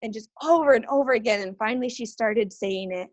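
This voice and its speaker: A woman's voice: on the high side, brisk, no room sound, dull audio. Earnest woman sharing stories, dry sound. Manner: earnest, animated storytelling with lively quoted voices. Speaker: podcast guest. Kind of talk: casual interview talk.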